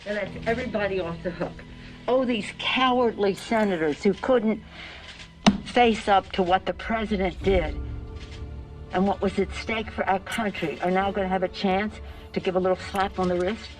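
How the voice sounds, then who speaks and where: A political commentator speaks with indignant sarcasm, as though on a TV segment. The voice sounds far from the microphone. Music plays clearly beneath it. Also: medium pitch, fairly even intonation, moderate pace. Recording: distant voice with music underneath.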